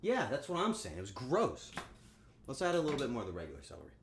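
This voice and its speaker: Male streamer, lively pitch swings, crude joking banter with chat, echoey room with faint background hum. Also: fast talker. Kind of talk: casual livestream chat while cooking.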